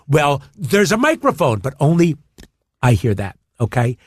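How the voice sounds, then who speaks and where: This man's voice sits fairly high and a little rough, moving at a normal speed. He's a guest in a relaxed interview, animatedly acting out anecdotes while stumbling over words and restarting. Studio-quality audio with no echo.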